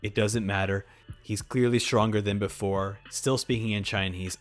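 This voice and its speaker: Excitable man reacting to a manga. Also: lowish voice, normal speed, faint music behind. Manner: excitable, reads dialogue aloud, frequent laughs. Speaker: reaction video host. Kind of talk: casual commentary while reading manga.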